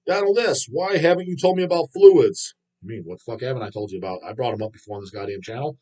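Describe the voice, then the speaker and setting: A man's voice: mid-range voice, animated, fast, dark tone. A middle-aged man hosting a livestream, ranting in a swaggering, foul-mouthed, mocking way. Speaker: livestream host. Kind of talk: profane casual rant.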